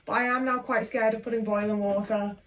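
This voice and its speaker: A woman's voice: fairly high pitch, fairly even intonation, brisk, far from the mic, a little hiss or hum, rough recording. A young woman, chatting casually and self-mockingly while she cooks at home, tagging questions onto her sentences. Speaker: vlogger. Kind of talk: casual cooking vlog chat.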